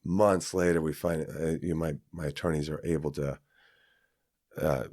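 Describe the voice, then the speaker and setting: A man's voice: a bass voice, fairly even intonation, moderate pace, a little mellow, dry recording, studio quality. A man from Kansas, a podcast guest, telling a personal story in a rambling, casual way with many fillers and restarts.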